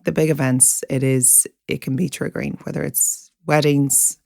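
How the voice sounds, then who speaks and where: A woman co-hosting a wellness podcast, gently agreeing and offering advice in a reflective chat. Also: extremely low pitch, level tone, moderate pace, creaky, no room sound, clean studio sound. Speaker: podcast co-host.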